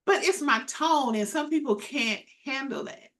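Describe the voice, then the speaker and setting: A woman co-hosting a casual faith podcast, talking loudly and emphatically with animated delivery. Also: sits high, moderate pace, few pauses. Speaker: co-host, minister.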